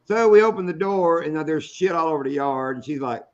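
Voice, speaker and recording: A man's voice: a little high, expressive, a little fast, a little mellow, muffled recording. A middle-aged man hosting a live fishing show, telling stories in a folksy, salty way. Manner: folksy, storytelling, salty language. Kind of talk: casual live-stream chat.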